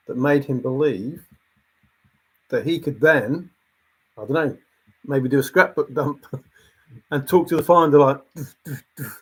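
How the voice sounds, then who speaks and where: A man's voice: medium pitch, slightly rough, poor audio. A man talking casually to viewers in an emphatic, exasperated way, repeating his points as he comments on a treasure hunt.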